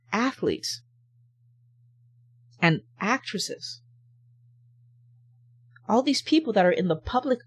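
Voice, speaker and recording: Her voice husky and medium in pitch, a health-channel host speaks to camera with motivational intent. She hammers her message home by asking rhetorical questions again and again.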